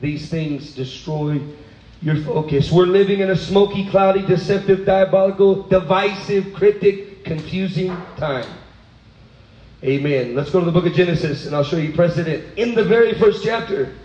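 A man preaching a sermon, animated, swinging from low asides to high, exclaiming bursts. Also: moderate pace, reverberant, highs cut off.

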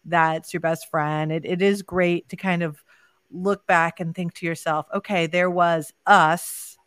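Lower-voiced middle-aged woman chatting. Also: steady tone, measured pace, no echo. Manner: chatty, rambling with frequent restarts. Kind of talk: casual chat.

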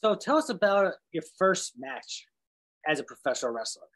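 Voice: medium pitch, very animated, moderate pace, a bit bright. A host interviewing guests, asking loose, rambling questions. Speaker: podcast host.

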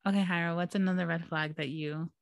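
A young woman co-hosts a casual podcast, telling stories with lively acted-out quotes and plenty of swearing. Her voice sits a little low for a woman. The sound is dry and close. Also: fast, creaky, no echo. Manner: animated, acts out quotes, swears freely. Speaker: podcast co-host. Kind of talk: casual storytelling chat.

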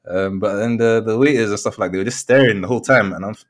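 Lively, laughing storyteller man. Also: fairly low pitch, fast. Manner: animated storyteller, laughs often, slangy. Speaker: podcast co-host. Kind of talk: casual chat.

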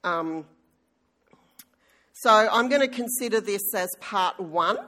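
A woman's voice: medium pitch, slow pace, pushed and bright. A middle-aged woman, a church elder preaching a sermon in a chatty, self-deprecating way with frequent ums, recovering from an illness. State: recovering from illness, may cough. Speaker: church elder and worship leader.

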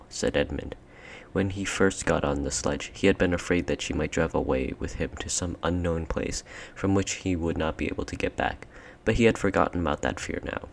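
A man narrating an audiobook in a measured storytelling manner. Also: rumbling low, creaky.

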